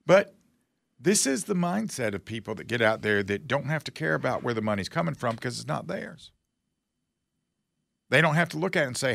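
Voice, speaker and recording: A man's voice: medium pitch, very animated, normal speed, vocal fry, long pauses, fairly bright tone, no room sound, studio quality. A man hosting a talk show, giving casual political commentary in a sarcastic, folksy, mocking way.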